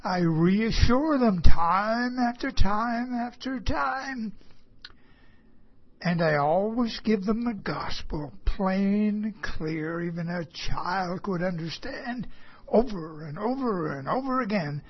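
A preacher unhurriedly tells a story from the pulpit, leaning on repeated phrases for emphasis. The voice has a husky, breathy edge. It comes through a dull, lo-fi recording. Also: medium pitch, expressive, slow pace. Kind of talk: sermon told as a personal story.

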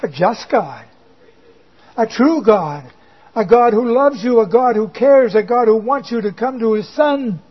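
A man preaching a sermon in a slow, emphatic way, with dry asides. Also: extremely high pitch, animated, husky. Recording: dull lo-fi recording.

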